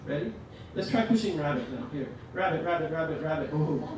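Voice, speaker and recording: A man presents a teaching workshop with lively, joking energy. His voice sits fairly high and carries through a very echoey hall. He is picked up from a distance with clear background noise. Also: a little fast. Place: lecture room.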